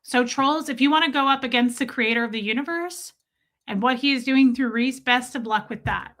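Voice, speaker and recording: A woman in her forties hosting a casual livestream, telling stories in an animated way and reading viewer comments aloud. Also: sits high, a little fast. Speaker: livestream host.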